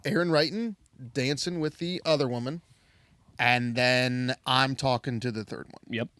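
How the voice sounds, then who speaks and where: A man's voice: mid-range voice, measured pace, smooth, no room sound. A young man co-hosting a podcast, telling a story in casual chat and acting out the people in it. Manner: animated storyteller, quotes people in voices. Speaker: podcast co-host.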